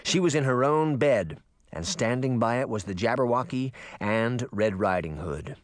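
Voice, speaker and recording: A man narrating an audiobook with expressive, dramatic storytelling. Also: mid-range voice, moderate pace, dry recording, clean studio sound. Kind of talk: audiobook reading.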